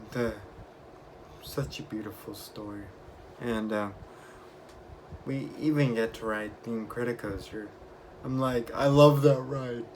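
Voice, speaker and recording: A young man vlogging, casually retelling his week with lively quoted bits of dialogue. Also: fairly low pitch, slow pace, pauses often, noisy background. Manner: chatty, animated retelling with acted quotes. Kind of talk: casual storytelling vlog.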